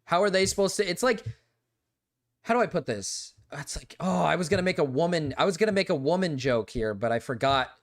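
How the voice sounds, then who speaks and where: A man's voice: on the high side, expressive, fairly quick. A young man hosting a live stream, talking casually in a rambling, exasperated way, full of "like" and repeated words. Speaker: livestream host.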